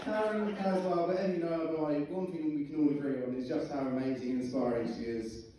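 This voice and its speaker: A young groom delivers his wedding speech, chuckling as he teases the guests. His voice sits a little high for a man. It's caught from a distance in a very echoey hall, with steady noise underneath. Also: quick pace. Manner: jokey, chuckling through his lines.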